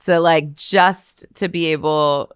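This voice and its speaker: A woman's voice: low-pitched, fairly even intonation, takes it slowly, clear, resonant tone, dry recording, studio quality. A woman from Canada, a podcast guest, telling stories in casual chat and laughing often. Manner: storytelling, laughing often, acting out quotes.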